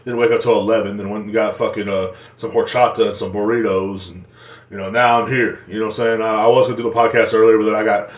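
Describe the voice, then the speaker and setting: A man's voice: lowish voice, level tone, quick pace. Profane rambling male podcaster, roomy echo. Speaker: podcast host. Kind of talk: rambling solo podcast rant. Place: indoors at home.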